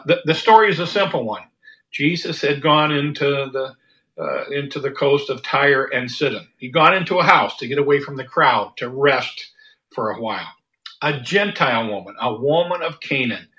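A man preaching a sermon in a halting way, stumbling over repeated words and fillers. His voice is bright and a little high for a man. The recording is dull and lo-fi.

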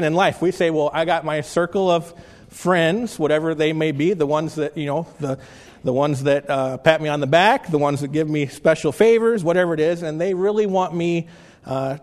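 A male pastor preaching a sermon in a conversational way, often restarting phrases and slowing down to read scripture. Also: a little high, long reverb tail.

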